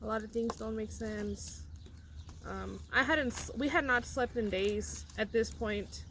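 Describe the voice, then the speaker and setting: A woman's voice: a little high, unhurried, fairly bright tone, slight background noise. A young woman vlogger telling a personal story in a casual, rambling way with many fillers and restarts.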